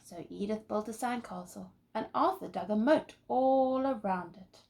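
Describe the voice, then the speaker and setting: A woman teacher reading a children's picture book aloud, expressive and pausing to ask the listeners questions. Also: mid-range voice, vocal fry. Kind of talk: children's story read-aloud.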